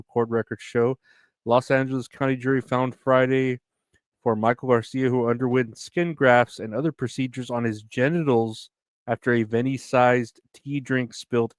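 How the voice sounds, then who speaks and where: A tired man talks through the news on his solo podcast, rambling, swearing and sarcastic, sometimes yawning between thoughts. His voice sits at an ordinary middle pitch. The sound is dry, with no room echo. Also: smooth. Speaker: podcast host. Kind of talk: casual solo podcast chat reading news.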